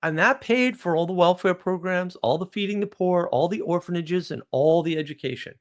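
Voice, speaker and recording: A man hosting a live stream monologue, blunt and ranting, asking rhetorical questions and answering them himself. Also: fairly quick. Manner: blunt, ranting, animated pitch swings.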